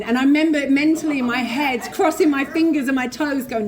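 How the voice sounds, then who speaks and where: A woman's voice: high-pitched, moderate pace, few pauses, crowd noise. A woman with a London accent giving a live personal recovery share at a convention, swearing freely and acting out the other voices in her story. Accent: London English. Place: convention hall with an audience.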